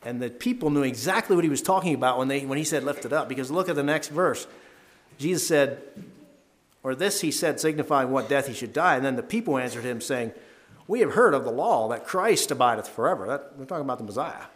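A man with an ordinary, mid-range voice leads a Bible devotional. He reads the verses aloud and talks through them earnestly. He swells in pitch and volume whenever he wants a line to land. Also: expressive, brisk. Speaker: Bible teacher leading a devotional. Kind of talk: devotional Bible talk, reading scripture aloud.

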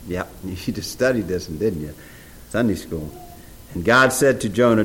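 A man's voice: lowish voice, moderate pace, low-quality recording. A man preaching a sermon, reading scripture aloud and asking the audience questions. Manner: animated, reads scripture aloud in old English, asks the audience questions.

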